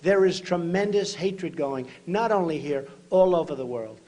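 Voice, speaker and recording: A man giving a campaign rally speech in a large hall, emphatic and repetitive, often shouting short phrases to the crowd. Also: fairly high pitch, animated, normal speed. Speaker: political candidate at a rally. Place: large hotel event hall, live rally. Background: crowd of supporters.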